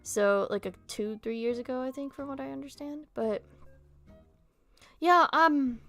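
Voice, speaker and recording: Young woman, casual chat, slightly high voice, candid and sweary, stumbles over words from a speech impediment; faint music underneath. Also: unhurried, fairly bright tone. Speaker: streamer chatting with viewers.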